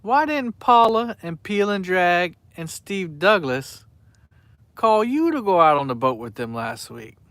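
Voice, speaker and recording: A man's voice: sits high, sing-song, unhurried, fairly bright tone, no echo. A man, chatting casually on a fishing live stream and reading out viewers' names in a rambling way. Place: outdoors by the water at night.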